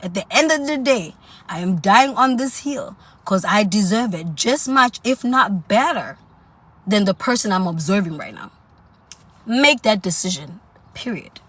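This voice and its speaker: A woman's voice: mid-range voice, animated, unhurried, a bit bright, husky. Sassy woman hosting a coaching livestream. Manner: sassy, chatty, answers live comments. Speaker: self-improvement livestream host.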